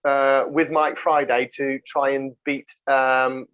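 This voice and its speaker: A man's voice: medium pitch, flat delivery, slow pace, fairly bright tone, muffled recording. A man hosting a podcast, chatting with a guest in a chummy, teasing way. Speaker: podcast host. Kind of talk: casual chat.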